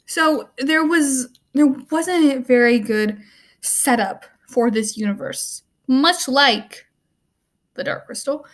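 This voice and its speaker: Young female student vlogger, a little high-pitched, casual rambling rant with a wry tone. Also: takes it slowly. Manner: rambling, full of "like" and "um"; offhand and wry. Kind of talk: casual movie rant to camera.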